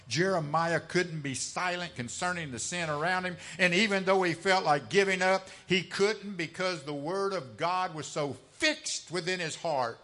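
Impassioned male preacher, bright voice. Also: mid-range voice. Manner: impassioned, swings from loud to hushed. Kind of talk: sermon.

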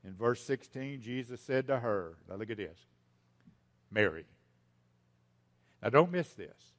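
Emphatic preacher man, mid-pitched. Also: lively intonation, normal speed. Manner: emphatic, repeats key lines, swings from loud to hushed; speaks directly to the congregation as folks. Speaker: pastor. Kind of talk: sermon.

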